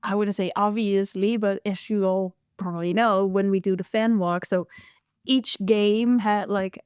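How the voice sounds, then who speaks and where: Chatty woman, crisp dry sound. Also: mid-range voice, steady tone, a little slow, a little mellow, no echo. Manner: chatty, laughs often. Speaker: podcast co-host. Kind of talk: casual chat.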